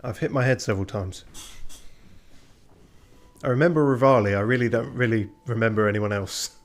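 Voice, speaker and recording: A man's voice: lowish voice, brisk. A man in casual gaming commentary, wry and rambling with plenty of swearing. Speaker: let's play streamer.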